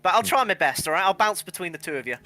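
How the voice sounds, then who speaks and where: A man voicing a gentle young ghost. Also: high-pitched, expressive, very fast, soft background music, voice pushed up, heavily acted. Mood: tender. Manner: earnest, a little sheepish.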